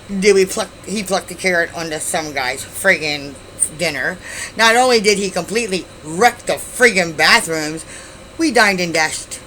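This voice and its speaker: A woman's voice: deep voice, slight background noise, poor audio. A woman telling a story about a chaotic date in a casual vlog, swearing freely and acting out the people she quotes. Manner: animated, swears, acts out quoted voices.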